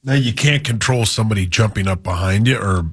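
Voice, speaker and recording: Husky low-voiced radio co-host man. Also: brisk. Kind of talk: morning radio banter.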